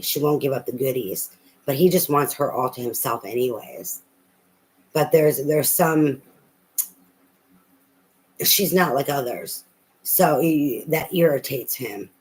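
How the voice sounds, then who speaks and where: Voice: mid-range voice, darkish tone, poor audio. Blunt, profane tarot reader. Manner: blunt, profane and emphatic, with lots of repetition. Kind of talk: casual tarot reading.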